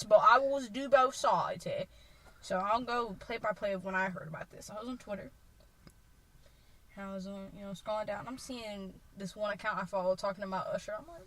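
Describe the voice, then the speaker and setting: A young woman co-hosting a podcast, chatting casually and animatedly, swearing freely and acting out quotes in a loud voice. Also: mid-range voice, moderate pace, rough recording. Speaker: podcast co-host. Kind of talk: casual chat.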